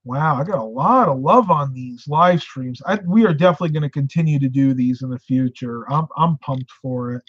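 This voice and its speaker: A man's voice: medium pitch, fairly quick, hardly any pauses, dry recording, highs cut off. A middle-aged man from upstate New York, host of a casual live stream, talking with viewers and telling stories. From upstate New York, United States. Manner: chatty, tells stories and answers viewer comments.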